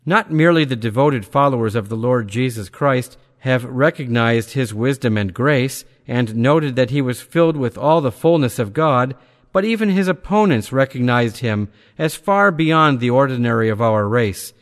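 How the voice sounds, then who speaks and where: A man's voice: mid-range voice, animated. Man reading scripture in a reverberant hall. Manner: measured, deliberate delivery that slows to cite scripture references. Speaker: reader of a religious text. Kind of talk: scripted reading of theological prose.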